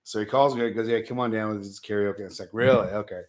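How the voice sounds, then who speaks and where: A man's voice: lowish voice, fairly even intonation, fast talker, darkish tone. A man on a radio show telling a bar story, laughing often and acting out the people in it. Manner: laughs through his stories, acts out the people in them. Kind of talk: casual storytelling.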